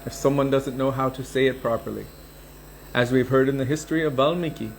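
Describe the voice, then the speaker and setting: A man giving a scripture class, explaining pronunciation and retelling old stories in an unhurried, explanatory way. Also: medium pitch, fairly even intonation, creaky, a little hiss or hum, poor audio. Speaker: scripture teacher.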